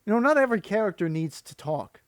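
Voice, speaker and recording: A man's voice: high-pitched, big pitch swings, fast, dry recording, clean studio sound. A man giving critical, exasperated reaction commentary that rambles and restarts. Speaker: video commentator.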